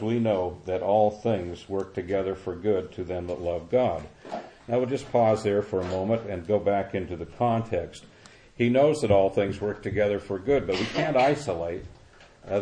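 An older man preaching a sermon, explaining a verse slowly and repeating key words with pauses. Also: lowish voice, warm tone, slight background noise. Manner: slow, repetitive expository preaching with pauses.

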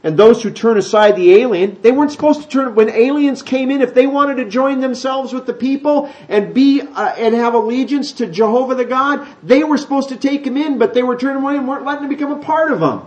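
High-voiced man preaching a chatty sermon. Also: highs cut off. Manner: chatty and folksy, reads scripture aloud, acts out quick voices. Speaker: pastor. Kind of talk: sermon, conversational Bible teaching.

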